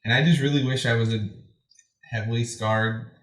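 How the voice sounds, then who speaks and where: A man's voice: medium pitch, fairly even intonation, moderate pace, a bit bright. A man bantering playfully and mock-seriously while introducing his tabletop character. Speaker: tabletop game player. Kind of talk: casual banter at a game table. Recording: echoey room.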